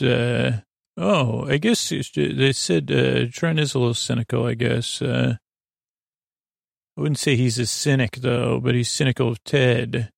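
A man in the middle of his range talks unhurriedly, with a gravelly edge, as he recaps an episode for sleep listening. He stops often on hesitant filler pauses. The sound is dry and close to the mic, with no room around it. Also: medium pitch, fairly even intonation, no room sound. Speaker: podcast host recapping a TV episode.

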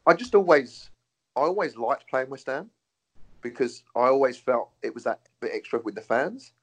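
A man's voice: mid-range voice, normal speed. A man, a former footballer, chatting casually and telling stories with frequent laughs and swearing. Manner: swears freely, laughs often, tells stories. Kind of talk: casual chat.

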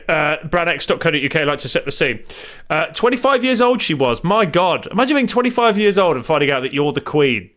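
A man's voice: on the high side, very animated, fairly quick, a bit bright. A man co-hosting a comedy podcast, reading an article aloud in a mock-serious way and breaking off into sarcastic asides.

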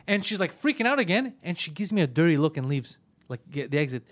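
A man hosting a comedy podcast, rattling off casual banter at a fast clip in a slightly high voice. He swears constantly, and his stories build into heated rants. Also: animated.

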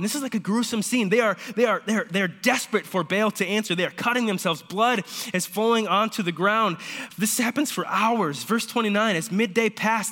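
A man delivers a sermon with a bright, fairly high voice, turning old scripture into casual, animated storytelling. His words ring out with a long reverb, as in a large church hall. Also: fairly quick. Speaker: pastor.

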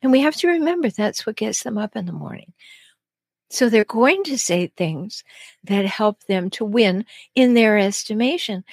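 A woman's voice: on the high side, dry recording. A woman hosting an advice podcast as a relationship coach, talking earnestly and stressing key phrases. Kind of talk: solo advice podcast talk.

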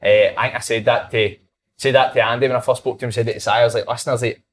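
A man's voice: medium pitch, racing. A young Scottish man, a football manager, telling stories in casual chat and laughing through them. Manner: animated storyteller, laughs through anecdotes.

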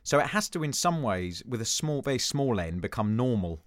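A man's voice: medium pitch, sing-song, moderate pace, no echo. A man in his fifties from Jersey, a former footballer being interviewed, talking thoughtfully with restarts and dry self-deprecating humour. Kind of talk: reflective conversational interview.

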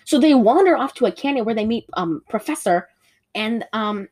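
A woman's voice: a little high, lively intonation, normal speed, a little mellow. A woman co-hosting a casual movie review chat, rambling and giggly with lots of fillers. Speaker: podcast co-host.

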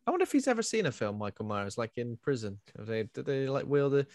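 A man's voice: mid-range voice, huge pitch swings, fast, darkish tone, no room sound, studio quality. A man co-hosting a casual podcast chat, rambling with fillers. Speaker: podcast co-host.

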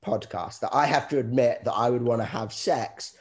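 A man's voice: mid-range voice, moderate pace. A man hosting a comedy podcast in casual chat, playful and often laughing. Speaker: podcast host.

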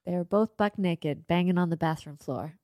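A woman co-hosting a casual podcast, chatty and giggly with quick asides. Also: fairly low pitch, darkish tone, no echo, studio quality. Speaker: podcast co-host.

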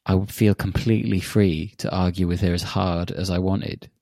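A man with a low voice talks in quick, teasing back-and-forth banter, blunt in his opinions. The sound is dry and close, with no room around it. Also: steady tone, mellow, no room sound. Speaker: podcast co-host. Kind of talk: casual chat.

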